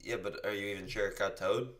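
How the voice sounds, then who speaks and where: A man chatting casually, relaxed and unbothered as he comments on a friend's story. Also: lowish voice, fast, a little hiss or hum. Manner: laid-back, unbothered commentary. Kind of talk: casual chat.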